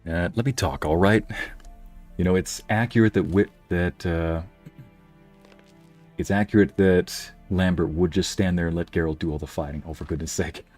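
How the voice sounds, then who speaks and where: Male streamer, low voice, laid-back and chatty gameplay commentary. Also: steady tone, normal speed, a little mellow, faint music behind. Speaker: streamer and narrator.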